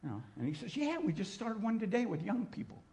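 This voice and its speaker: A middle-aged man preaching, telling his testimony in an animated storytelling manner, acting out voices and sometimes shouting. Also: sits high, quick pace. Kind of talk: sermon testimony.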